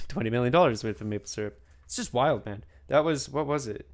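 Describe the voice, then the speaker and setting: A man's voice: medium pitch, a little fast. A young man hosting a casual podcast chat, rambling through a story. He laughs often and keeps tagging his lines with "man.". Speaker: podcast host.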